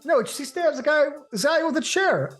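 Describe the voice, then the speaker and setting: A man co-hosting a casual movie podcast, opinionated and animated, with profane banter. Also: extremely high pitch, fairly quick, soft background music. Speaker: co-host.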